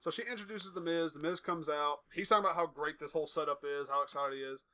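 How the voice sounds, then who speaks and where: A man's voice: a little high, fast, sharp tone. A young man co-hosting a podcast, casually retelling wrestling segments in a rambling way. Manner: rambling storyteller, acts out quotes. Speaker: podcast co-host. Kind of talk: casual chat recapping wrestling.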